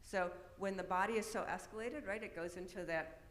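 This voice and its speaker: A woman's voice: mid-range voice, brisk. A middle-aged woman presenting an autism awareness talk in a conversational way, often checking in with tag questions. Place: church hall. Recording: echoey hall, long reverb.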